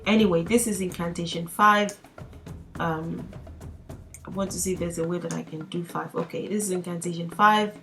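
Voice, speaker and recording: A young woman walks her viewers through a casual lesson, chatty and quick to laugh. She slips into playful mock pleas to make a point. Soft music sits faintly in the background. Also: on the low side, fairly even intonation. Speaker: language teacher.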